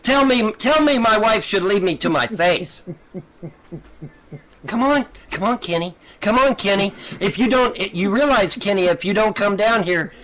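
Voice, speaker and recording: A man's voice: high-pitched, a bit bright. A man taunting someone with angry, profane challenges. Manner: taunting, cursing.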